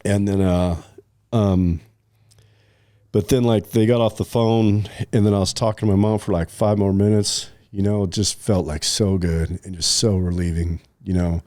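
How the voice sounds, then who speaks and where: A man's voice: deep voice, level tone, moderate pace, darkish tone, no room sound, clean studio sound. A middle-aged man telling a personal story in casual podcast chat, rambling with many fillers and restarts, sometimes choked up. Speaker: podcast co-host.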